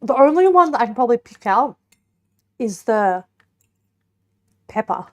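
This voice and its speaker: Fairly high-pitched and darkish in tone, this young woman's voice swings widely in pitch at a measured pace. As a streamer, she cooks a pie, samples it, and chats and giggles with her viewers between bites.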